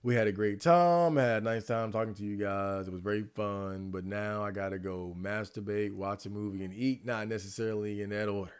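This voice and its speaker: A man's voice: lowish voice, fairly even intonation, brisk, few pauses, clean tone. A man chatting casually on a livestream, ranting and rambling with frequent restarts.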